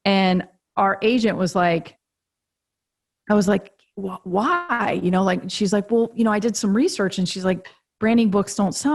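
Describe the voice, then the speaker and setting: Speaking at a moderate pace in a medium-pitched voice, an author and agency co-founder appears as a guest on a podcast interview recorded over a remote call. She recounts a story animatedly, often breaking into laughter and performing the quoted lines.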